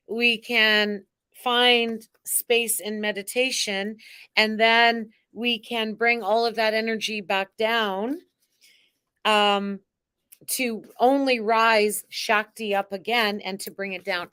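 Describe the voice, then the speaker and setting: A woman's voice: a little high, pushed and bright, clean tone. A woman hosting a live spiritual card reading, talking in an exuberant, theatrical way with chanting and cheering.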